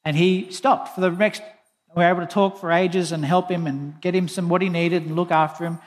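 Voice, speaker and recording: A man's voice: high voice, steady tone, brisk, big-room sound. A man preaching a sermon, telling a personal story in an earnest, plain way and quoting scripture. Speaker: pastor.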